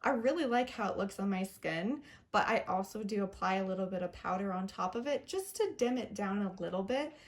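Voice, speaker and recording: A woman's voice: medium pitch, lively intonation, a little fast. A young woman chatting casually through a makeup review, upbeat and chatty, with little self-deprecating laughs. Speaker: beauty vlogger.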